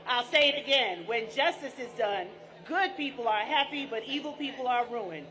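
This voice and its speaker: Measured, sermon-like woman at a rally. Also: high-pitched, sharp tone, poor audio. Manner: measured, scripture-quoting, call-and-response. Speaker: rally speaker, sorority president. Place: outdoor street rally.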